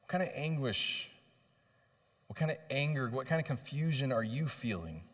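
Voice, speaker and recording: A man's voice: mid-range voice, animated, moderate pace, a bit bright. A man preaching a sermon as pastor, passionately voicing pleading questions and building in intensity. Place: church sanctuary. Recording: long reverb of a church hall.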